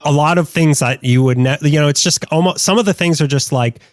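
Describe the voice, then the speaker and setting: A man's voice: a little high, a little fast, no echo. A man co-hosting a comedic podcast, joking and rambling with restarts into a close mic. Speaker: podcast co-host. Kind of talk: casual comedic chat.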